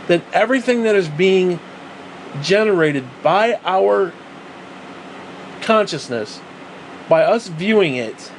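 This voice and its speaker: A man vents in a rambling vlog rant, swearing freely and circling back on his own points with sarcastic asides. His voice sits a little high for a man. A faint hum runs underneath the recording. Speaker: vlogger. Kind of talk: ranting monologue.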